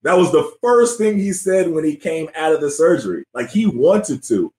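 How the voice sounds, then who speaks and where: A slightly high-voiced man in his forties, once an NBA player and now a podcast host, leads a casual sports interview at a moderate pace. He recounts old tales with plenty of energy and repeatedly asks "you know what I mean?" The recording has a roomy echo.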